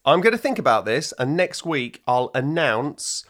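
A woman's voice: a bass voice, very animated, normal speed. A woman co-hosting a podcast, chatting casually and telling long, rambling stories. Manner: long-winded, rambling storyteller. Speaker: podcast co-host. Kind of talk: casual chat.

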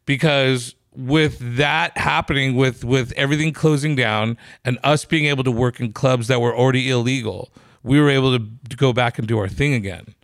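A man's voice: medium pitch, normal speed, gravelly, dry recording. A man hosting a casual podcast, telling a profane comedy-club story and acting out the quotes. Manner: animated, profane, acts out quotes.

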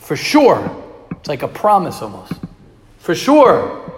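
A man's voice: on the high side, huge pitch swings, slow pace, pauses often, a little hiss or hum. A man giving a Torah class to young students, emphatic and repeating key phrases, mixing in Hebrew and Yiddish terms. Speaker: Torah teacher. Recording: echoey hall.

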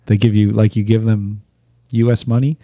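A man with a low, warm, mellow voice who chats in a relaxed way. He tells easygoing stories and laughs at them himself, and the recording is dry and close. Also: normal speed, dry recording. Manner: laid-back, laughs at his own stories. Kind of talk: casual chat, storytelling.

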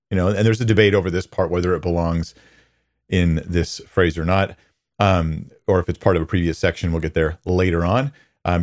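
A man's voice: on the low side, darkish tone, no room sound, clean studio sound. A man teaching a Bible lesson to viewers, earnest and conversational, with fillers and restarts. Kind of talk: teaching lecture with screen slides.

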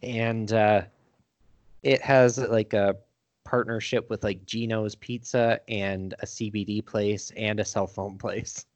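A man from Michigan co-hosting a podcast, chatting in a relaxed, reflective way. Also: fairly low pitch, takes it slowly, no echo, muffled recording. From United States, Michigan. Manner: laid-back, reflective, wraps up the episode. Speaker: podcast co-host. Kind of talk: casual chat.

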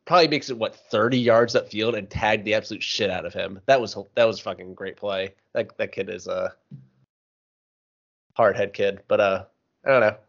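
A man's voice: on the low side, normal speed, highs cut off. A man in a casual sports podcast, loosely recapping a football play with plenty of swearing.

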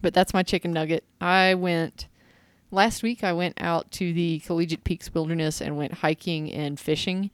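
A woman's voice: fairly low pitch, steady tone, normal speed, clean tone, no echo. Chatty woman podcast co-host, dry sound. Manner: laughs easily, rambling storytelling. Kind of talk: casual chat.

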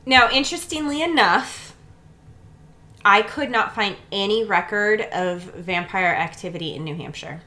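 Female podcast co-host, New England-raised, crisp bright tone, casual storytelling. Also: mid-range voice. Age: adult. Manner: chatty storyteller, quick asides. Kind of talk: casual chat.

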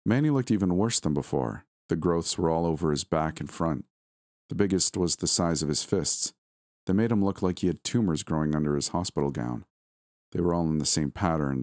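Very deep-voiced man narrating a horror story. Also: no room sound, studio quality. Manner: steady, somber storytelling.

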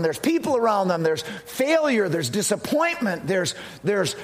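A man's voice: high-pitched, sing-song, moderate pace, hardly any pauses. A middle-aged male pastor telling a personal story in an earnest sermon, often restarting his sentences.

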